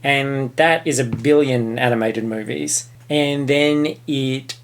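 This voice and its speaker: An Australian man with a gravelly, creaky voice, talking through a film review in a loose, casual podcast chat. He is blunt and opinionated, and he swears freely as he makes his points. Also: mid-range voice, slow. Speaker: podcast co-host.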